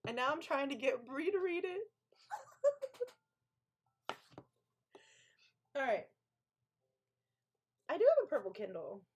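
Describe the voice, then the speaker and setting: A woman's voice: sits high, big pitch swings, slow, long pauses. A woman author hosting a co-working live stream, chatting casually, gushing and talking back to her chat.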